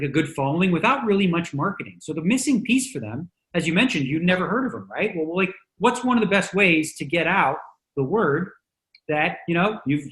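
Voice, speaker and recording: Brief: male podcast host, loose chatty delivery, bright tone, roomy echo. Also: sits high. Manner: chatty, joking, loose with fillers. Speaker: podcast host, poker pro. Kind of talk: casual podcast chat.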